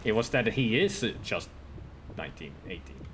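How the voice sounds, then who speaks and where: Animated male game streamer. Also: fairly low pitch, moderate pace, background noise. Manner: chatty, animated, reads out game text. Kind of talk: casual gameplay commentary to live chat.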